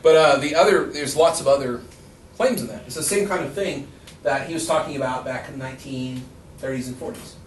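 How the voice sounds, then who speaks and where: A man's voice: medium pitch, a little fast. A male rhetoric professor giving a casual, joking classroom lecture, acting out quoted voices as he talks. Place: lecture room. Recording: roomy echo, far from the mic, faint noise.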